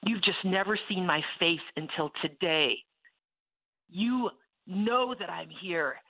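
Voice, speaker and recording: A woman voicing a menacing spirit of sin that speaks through a mountain lion. She uses a low, taunting hiss in whispered role-play over a tinny phone line. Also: takes it slowly.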